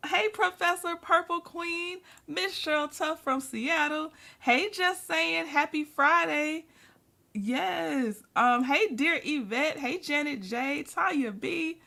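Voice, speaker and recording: A woman with a high, bright voice hosting a casual livestream. She is chatty and laughs often as she greets viewers one by one. She sounds sleepy and keeps yawning. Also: slow pace, creaky. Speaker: livestream host.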